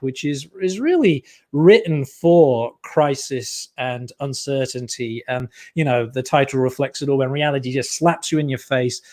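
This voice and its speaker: Relaxed man explaining on a video call. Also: mid-range voice. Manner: relaxed, frequent fillers, self-deprecating humour. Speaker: guest psychologist and author. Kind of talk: casual explanatory interview talk. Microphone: earpiece on a video call.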